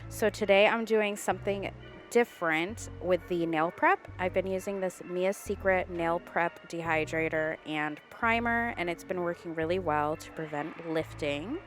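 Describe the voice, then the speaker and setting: A woman's voice: fairly low pitch, a little slow, soft background music. Chatty stuffy-nosed young woman. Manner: chatty, candid. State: congested. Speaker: nail art vlogger. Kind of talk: voice-over narration. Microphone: borrowed studio microphone.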